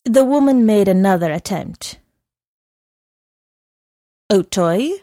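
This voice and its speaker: A woman narrating a story in a measured reading voice. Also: medium pitch, a little mellow, no echo, clean studio sound. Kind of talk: audiobook reading.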